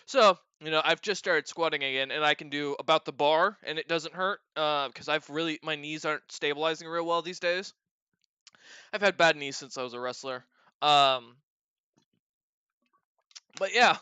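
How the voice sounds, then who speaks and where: A man's voice: fairly high pitch, sharp tone, smooth, no room sound, highs cut off. A man streamer telling a casual story, rambling and profane, often breaking into laughter.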